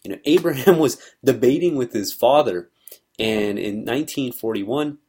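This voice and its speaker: A man's voice: mid-range voice, moderate pace, darkish tone, husky. A man giving an earnest, conversational talk on scripture, explaining things in a loose, searching way. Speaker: religious speaker.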